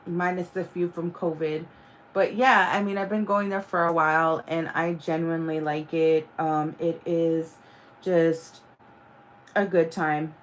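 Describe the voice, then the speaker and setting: A woman's voice: mid-range voice, slight background noise. Woman chatting casually on a livestream. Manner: rambling and profane, with many fillers. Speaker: livestream host. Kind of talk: casual chat.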